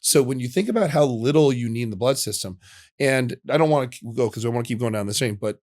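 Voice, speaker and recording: A man's voice: mid-range voice, lively intonation, quick pace, a little mellow. A man in casual podcast conversation, explaining emphatically and using everyday analogies.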